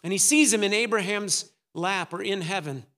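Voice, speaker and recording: A man's voice: sits high, moderate pace, bright, forceful tone, big-room sound. A man preaching a sermon, dramatic, acting out the voices of the story's figures. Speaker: pastor.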